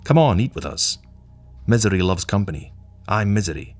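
A man voicing a loud, boisterous, drunk film director with brash, slangy talk. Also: lowish voice, expressive, moderate pace, faint music behind, pitched above the performer's own voice. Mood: rowdy.

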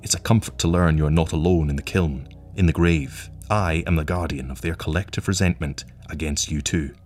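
A man voicing a calm, wry, menacing agent from the future who speaks in a measured, languid way. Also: rumbling low. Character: cold patient male agent from the future, menacing.

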